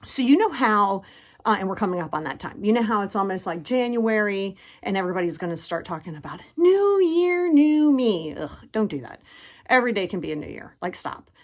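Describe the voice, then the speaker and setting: A woman's voice: medium pitch, fast talker. Chatty woman in her fifties. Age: 50s. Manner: chatty, animated, acts out inner voices. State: sweaty after a workout. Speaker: motivational podcast host. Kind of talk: casual motivational talk. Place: at home in a bedroom.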